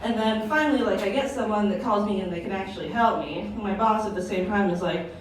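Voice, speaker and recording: A woman's voice: medium pitch, fast talker, slight background noise. A young adult woman doing a stand-up set at an open mic, chatty and crude, with lots of "like" fillers. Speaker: stand-up comedian. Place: comedy club stage, indoors. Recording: echoey room, mic far off.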